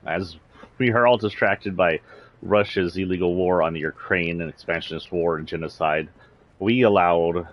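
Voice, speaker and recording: On a livestream, a political commentator from Texas with a slight Southern accent delivers a blunt, indignant rant and swears freely. His voice sits low, and the high frequencies are cut off.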